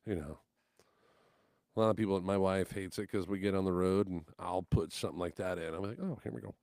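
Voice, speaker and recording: In clean studio sound with a dry recording, a man with a low-sitting voice speaks fairly quickly. As a guest musician in casual podcast conversation, he spins lively stories, voicing the people in them and cursing casually along the way.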